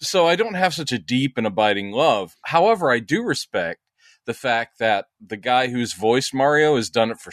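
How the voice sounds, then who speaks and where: A man's voice: medium pitch, fairly bright tone, no room sound, clean studio sound. A man co-hosting a podcast in casual chat, talking with many fillers and restarts. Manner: chatty, hesitant with many fillers. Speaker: podcast co-host.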